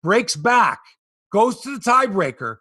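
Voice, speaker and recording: A Canadian man hosting a casual sports podcast, telling stories with animated tangents. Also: high voice, measured pace, no echo. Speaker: podcast host.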